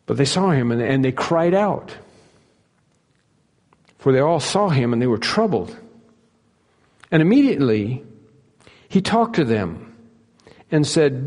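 A man's voice: on the high side, lively intonation, a little slow, long pauses, a little mellow. A man preaching an expository sermon in earnest tones, repeating key phrases for emphasis. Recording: long reverb of a large hall.

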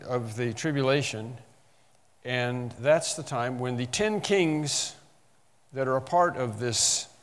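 A man's voice: mid-range voice, big-room sound. A man preaching a sermon, explaining scripture and reading passages aloud with rising emphasis. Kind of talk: sermon, Bible exposition.

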